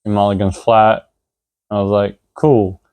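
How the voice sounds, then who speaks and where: A man's voice: on the low side, flat delivery, a little slow, a little mellow. A young man co-hosting a casual chat, telling a story in a laid-back way with brief replies. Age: young adult. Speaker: co-host.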